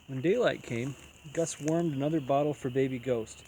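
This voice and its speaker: A man reading a children's picture book aloud as storyteller, in an even, unhurried way. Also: medium pitch, a little hiss or hum, poor audio.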